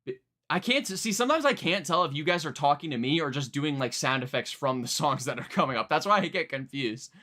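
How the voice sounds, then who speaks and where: A young man chatting casually on a live music-reaction stream, rambling, excitable, and swearing freely. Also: a little high, fairly quick. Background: faint music playing.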